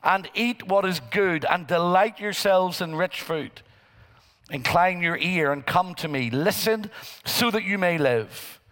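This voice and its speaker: Guy preaching a slow deliberate sermon, high voice, big echoey church hall. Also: animated, fairly bright tone. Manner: preaching slowly, rising into emphatic quoted scripture. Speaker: pastor. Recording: church hall with long reverb.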